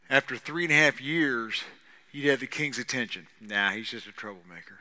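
Animated preacher man in a reverberant hall. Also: mid-range voice, normal speed. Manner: animated storytelling, swings from hushed to shouting, sarcastic asides. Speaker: pastor. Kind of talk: sermon.

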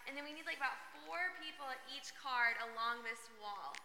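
A young woman, a student, giving friendly, hurried instructions to a church congregation for a video project. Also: sits high, pushed and bright, slight background noise. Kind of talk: casual announcement. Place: church sanctuary. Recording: crowd chatter behind.

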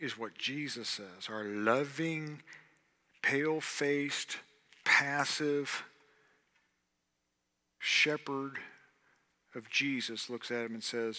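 Bright-voiced preacher man in a hall. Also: medium pitch, very slow, pauses often. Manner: dramatic swings from hushed to loud. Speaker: pastor. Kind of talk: sermon. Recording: long hall reverb.

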